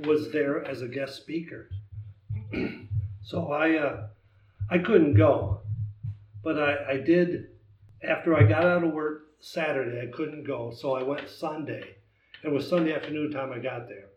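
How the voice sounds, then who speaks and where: A man in his sixties, a guest telling stories in a casual chat at home, halting and rambling with many restarts. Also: on the high side, darkish tone, reverberant, recorded from a distance, lo-fi sound, a little hiss or hum. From United States. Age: 60s. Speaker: interview guest. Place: home den.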